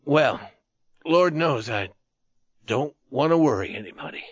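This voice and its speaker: A man voicing a wounded, tattered soldier who talks in a halting, pleading way and repeats himself. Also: medium pitch, lively intonation, husky, no echo, muffled recording. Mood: worried.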